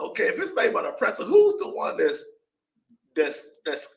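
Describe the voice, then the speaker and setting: A man's voice: high voice, huge pitch swings, moderate pace, creaky. A man in a Bible class discussion, rambling with restarts and often asking "you know what I'm saying". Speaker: class member reading scripture. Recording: distant, echoey room.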